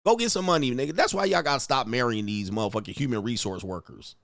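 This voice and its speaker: A man hosting an online show in a loud, mocking, profane ranting style, swinging into high shouted tirades. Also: lively intonation, fast talker, gravelly, no echo, studio quality. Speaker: online dating coach and host.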